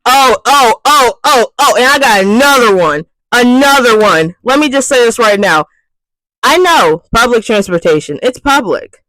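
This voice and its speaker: A young woman vlogger in an exasperated, swearing rant, breaking into loud outbursts. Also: a little high, animated, moderate pace, no echo, poor audio. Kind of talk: ranting vlog monologue.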